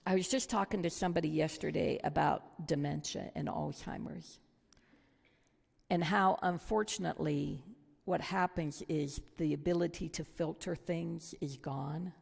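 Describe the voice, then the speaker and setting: A woman's voice: sits low, steady tone, measured pace, creaky, a little mellow, husky. A woman teaching a Bible study lesson, earnest and reflective, putting questions to her listeners. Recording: long hall reverb.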